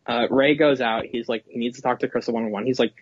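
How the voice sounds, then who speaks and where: An excitable man hosts a podcast, rambling through his thoughts with lots of fillers. His voice is husky. The sound is dry and slightly dull. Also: mid-range voice, fast talker, no echo. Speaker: podcast host. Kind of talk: casual film chat.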